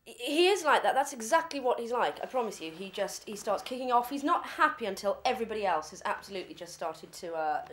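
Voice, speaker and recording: A woman's voice: fairly high pitch, big pitch swings, fast, few pauses, fairly bright tone, a little hiss or hum. An English woman appearing as a guest on a spoof talk show, heated and indignant as she swears about a relative.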